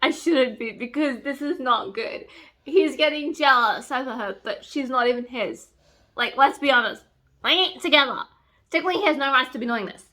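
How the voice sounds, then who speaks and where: Squealing, bright, high-voiced woman. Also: lively intonation, normal speed. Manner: gushing, squealing and swearing with delight. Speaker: book vlogger. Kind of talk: excited reading vlog.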